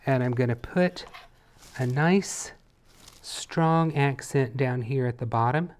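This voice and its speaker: A man teaching a painting lesson in a relaxed tutorial, chatty and playful as he talks while he works. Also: medium pitch, slow pace, clean tone. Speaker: painting instructor.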